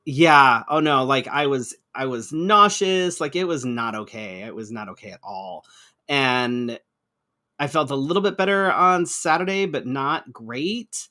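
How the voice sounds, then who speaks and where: Bright, mid-pitched male co-host; loose, chatty, profane, talks in restarts. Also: measured pace. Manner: chatty, swears casually, frequent restarts. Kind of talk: casual chat.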